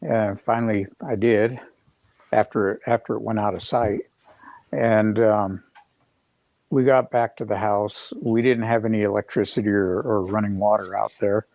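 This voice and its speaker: A middle-aged man recounting an event over a video call, his voice carrying a gravelly, creaky texture. He talks in a loose, rambling way, full of fillers and restarts. The sound is dry and close, with no room around it. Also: on the low side, steady tone, unhurried, a little mellow, no room sound. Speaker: guest. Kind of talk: casual storytelling on a live video call.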